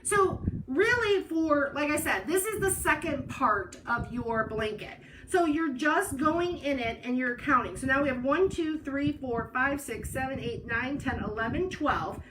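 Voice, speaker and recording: A woman's voice: sits high, a little slow, hardly any pauses. A woman hosting a live craft tutorial, chatty and talking to herself as she works, often stopping with "hold on.". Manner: chatty, self-interrupting with "hold on". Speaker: craft host. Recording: distant mic with noise.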